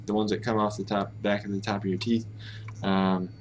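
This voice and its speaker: A man's voice: lowish voice, level tone, a little fast, a little hiss or hum. American man musing aloud on stream. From United States. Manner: musing aloud, hesitant, self-correcting. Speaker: language-learning streamer. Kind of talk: casual live-stream commentary.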